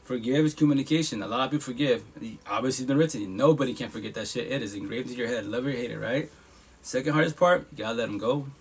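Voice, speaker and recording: A man's voice: medium pitch, rapid-fire, husky. A man hosting a live podcast, giving casual, heartfelt advice in a blunt, profane, repetitive and emphatic way.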